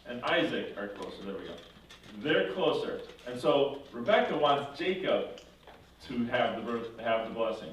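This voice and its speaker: A man teaches a confirmation class, retelling a story with animation and breaking into character voices. He is recorded from a distance in a strongly reverberant room. A faint hiss sits underneath. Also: medium pitch. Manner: animated retelling, acting out characters, self-correcting. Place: church classroom. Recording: echoey room from far off with faint noise.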